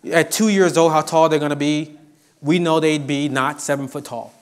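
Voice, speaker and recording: A middle-aged male professor lecturing to students in a fairly high voice. He tells stories with energy and humor, slipping into quick mimicry of the people he describes. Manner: animated storyteller, acts out quotes. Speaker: professor giving a guest lecture. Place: university lecture.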